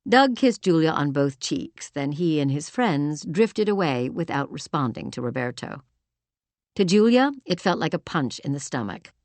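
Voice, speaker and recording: A woman narrating a romance audiobook in an expressive storytelling manner, also speaking the heroine's lines. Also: low voice, normal speed, no echo. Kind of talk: scripted narration.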